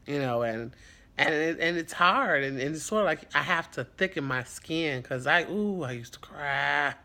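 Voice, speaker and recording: A man's voice: fairly high pitch, lively intonation, normal speed, sharp tone. A man who is a foster parent, talking in an earnest, reflective and rambling way in a casual vlog.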